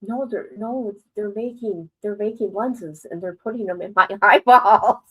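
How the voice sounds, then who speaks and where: An older woman talks straight to her stream viewers in loose, rambling chat, her voice at a middling pitch. She swears without a second thought and sounds worried, yet keeps laughing it off. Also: normal speed, fairly bright tone, husky, rough recording. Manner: candid, rambling, swears freely. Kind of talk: casual livestream chat.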